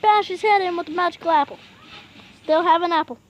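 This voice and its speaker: Young woman, let's play commentator, excitable and easily spooked, very high voice. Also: fast talker, a little hiss or hum. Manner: excitable, panicky, yelling. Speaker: gaming video host.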